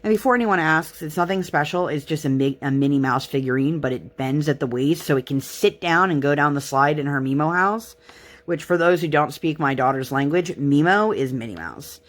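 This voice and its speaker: A woman's voice: deep voice, brisk. Rambling, chatty young woman vlogger. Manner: rambling, self-deprecating, chatty. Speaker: crafting vlogger. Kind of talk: casual chat while crafting.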